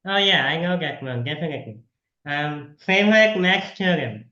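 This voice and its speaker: A man's voice: on the high side, animated, moderate pace, pushed and bright, highs cut off. Chatty young-sounding man on a roomy call. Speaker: interviewer. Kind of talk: casual video call interview. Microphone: video call.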